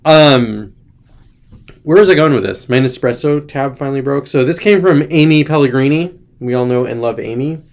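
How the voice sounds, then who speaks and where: A man's voice: mid-range voice, normal speed, a little mellow. A young adult man hosting a casual chat show, rambling and irreverent, joking loosely, sounding tired. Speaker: host.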